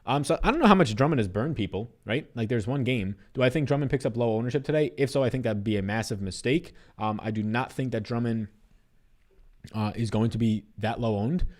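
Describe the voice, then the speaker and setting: A young man hosting a sports betting livestream, chatting loosely, reading viewer comments aloud and answering them. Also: medium pitch. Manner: fast, animated, loose and profane.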